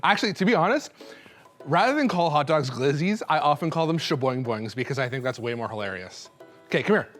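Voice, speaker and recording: A young man hosting a cooking show, rambling and joking excitedly as he cooks and tastes in a studio kitchen. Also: fairly high pitch, fairly quick, soft background music. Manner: hyped, rambling, joking, laughing between lines. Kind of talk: casual on-camera cooking chatter.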